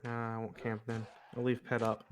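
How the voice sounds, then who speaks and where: A man's voice: mid-range voice, monotone, moderate pace. Rambling man telling jokes while gaming. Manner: rambling joke-teller with many fillers. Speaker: streamer. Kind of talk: casual gaming chat.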